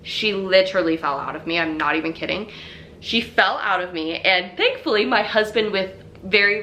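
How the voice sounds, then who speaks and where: A woman's voice: medium pitch, pushed and bright, a little hiss or hum. A young woman telling her own story in a chatty, casual way, full of fillers.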